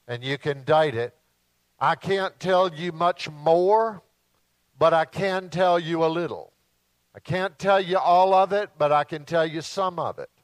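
Slow, emphatic preacher man. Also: on the high side, dry recording. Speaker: visiting preacher. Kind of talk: sermon.

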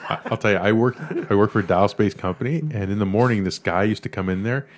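Man, low voice, animated anecdotes, acts out dialogue, podcast chat. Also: quick pace, a little hiss or hum. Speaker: podcast co-host. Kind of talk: casual storytelling.

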